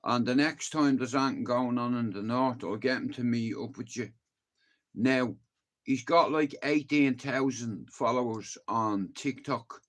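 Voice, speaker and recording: A man from Dublin, Ireland, with a Dublin Irish accent chats casually to his livestream viewers, rambling and swearing freely. His voice is mid-range and unhurried.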